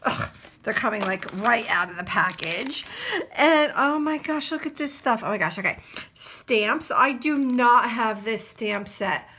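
A woman from New Jersey talks to her camera about a package of craft supplies, unhurried and full of exclamations. Her voice sits a little high and sounds bright. She scatters fillers through her chatty, gushing talk. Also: expressive, a little hiss or hum. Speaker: craft vlogger. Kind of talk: casual unboxing chat.

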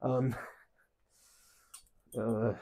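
A man's voice: mid-range voice, very slow. A man chatting to viewers during a live darts stream, swearing often and bursting out at his throws. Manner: swears a lot, excitable outbursts, chats to viewers. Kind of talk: live stream chat while playing darts.

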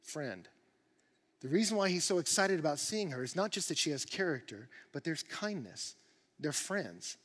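Animated preaching man, bright high voice. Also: moderate pace, long reverb tail. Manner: animated, emphatic preaching with rising bursts. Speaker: pastor. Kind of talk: sermon. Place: church auditorium.

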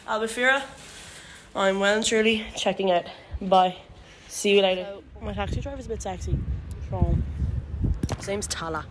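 A woman's voice: medium pitch, moderate pace, long pauses. A young Irish woman vlogging casually while travelling, rambling and swearing freely into her phone. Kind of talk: casual travel vlog chat. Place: travelling through taxi and airport. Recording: clear travel noise in background. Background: vehicle and ambient noise.

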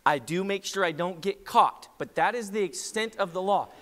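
A man preaches to his congregation in a loose, conversational way, often turning to ask them questions directly. His voice sits a little high for a man. The sound rings out with a long reverb from the church hall around him. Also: moderate pace, fairly bright tone. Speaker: pastor. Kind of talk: sermon. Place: church sanctuary.

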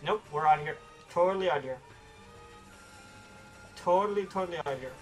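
A man streaming a video game, talking casually to his viewers and reacting excitedly as he plays. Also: fairly high pitch, moderate pace, faint music behind. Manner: excitable, talks to viewers while playing. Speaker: gaming streamer. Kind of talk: casual let's-play commentary.

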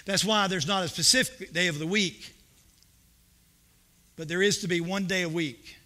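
In a church sanctuary, a pastor delivers a sermon at normal speed in a high, ringing, forceful voice. He shares homespun stories, drifting between soft, conversational asides and bursts of preaching that swell into emphatic, repeated questions, a folksy storyteller with rising emphatic surges.

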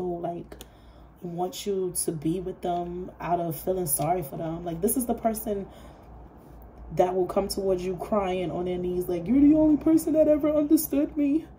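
A woman reads tarot cards in a casual, blunt style, swearing freely and getting animated. Her voice sits low and mellow, with faint noise behind it. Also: normal speed. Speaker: tarot reader.

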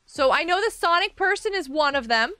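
A woman's voice: high voice, expressive, a little fast, pushed and bright, dry recording. A woman streaming a game, chatting casually with her viewers, answering chat aloud and laughing often.

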